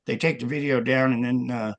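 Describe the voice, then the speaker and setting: A man with a gravelly, creaky voice speaks as a guest in a casual interview. He wanders from point to point and fills gaps with many ums and restarts. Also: medium pitch, steady tone, brisk. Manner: rambling, with many fillers and restarts.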